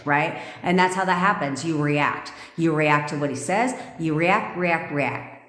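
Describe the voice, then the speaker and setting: A woman's voice: deep voice, normal speed, a bit bright. A woman coaching viewers on a live stream, blunt, emphatic and full of swearing. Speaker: manifestation coach. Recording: echoey room with long reverb.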